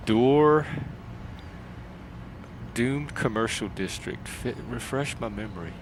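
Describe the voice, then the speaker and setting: A man streaming a game, rambling and talking with his chat in a medium voice. His home mic carries a steady noisy hiss. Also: medium pitch, slow pace. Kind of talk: casual gameplay commentary.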